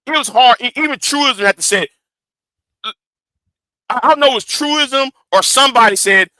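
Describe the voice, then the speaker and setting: A man's voice: extremely high pitch, moderate pace, long pauses, pushed and bright, dry recording. A man hosting a livestream, giving heated commentary in an emphatic, profane way and repeating words when he gets worked up. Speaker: livestream host.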